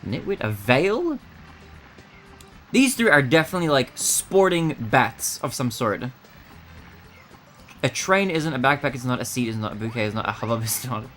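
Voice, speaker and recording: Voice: mid-range voice, big pitch swings, normal speed, pauses often, a bit bright, soft background music. A streamer thinking aloud while solving word puzzles, muttering guesses and laughing often.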